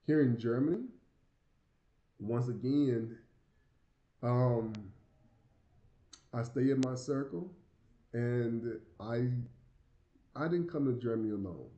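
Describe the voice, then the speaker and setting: A Southern American man with a lisp, talking to camera in a loose, rambling way and tripping over repeated words. His voice is very dark and mellow. It sounds roomy and a little muffled, like a home setup with echo. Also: mid-range voice, slow, long pauses. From United States. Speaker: vlogger living abroad. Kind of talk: casual talk to camera.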